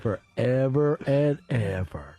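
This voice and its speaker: A man's voice: mid-range voice, sing-song, slow pace, gravelly, warm tone, faint music behind, voice pushed down, full character voice. A radio host voicing a crude, goofy southern redneck man with a put-on Southern accent, wooing in a sing-song way during a comedy radio bit. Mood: lovesick. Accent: put-on American Southern.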